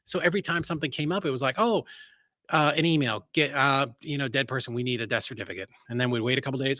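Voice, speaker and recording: A man's voice: medium pitch, quick pace, no echo. Guy on a podcast, punchy and confident, acts out little quotes, dry close sound. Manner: energetic, acts out quoted voices with sharp rises; blunt and self-assured. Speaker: real estate investor and guest. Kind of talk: casual podcast interview.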